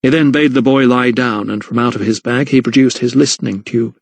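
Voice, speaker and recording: A man narrating a historical mystery audiobook in a measured, even storytelling voice. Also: medium pitch, vocal fry, dry recording. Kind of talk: scripted narration.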